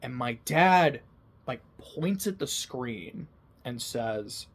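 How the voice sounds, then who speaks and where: A man's voice: mid-range voice, lively intonation, slow, husky. A young man talking casually about his favorite anime, emotional, laughing often and swearing now and then. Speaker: anime video host. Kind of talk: casual personal commentary.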